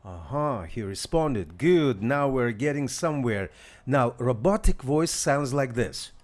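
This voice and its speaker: A man's voice: mid-range voice, animated, measured pace. A man hosting a casual live demo, hesitant, with many fillers and restarts while talking to viewers. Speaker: tech demo host.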